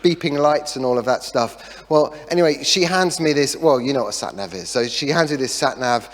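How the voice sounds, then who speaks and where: A middle-aged man preaching a sermon as a pastor, telling a story in a chatty way with self-deprecating jokes and lively asides. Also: medium pitch, brisk. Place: church hall. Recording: long reverb of a church hall.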